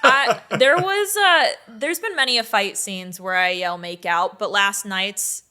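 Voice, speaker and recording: A woman's voice: mid-range voice, a little slow, sharp tone. A woman on a casual panel chat, chatty and playful.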